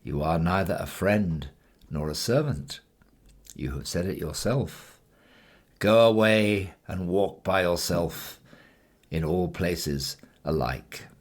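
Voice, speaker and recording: A man's voice: low-pitched, expressive, takes it slowly, heavily acted. A man voicing a wise, self-assured cave woman who teases and bargains in a storybook reading. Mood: mocking.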